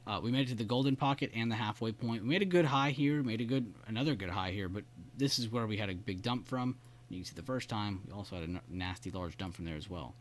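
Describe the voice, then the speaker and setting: A man with a lowish voice talks fast while hosting a live trading stream, casually walking through charts and praising viewers by name. He has the hiccups throughout this market commentary.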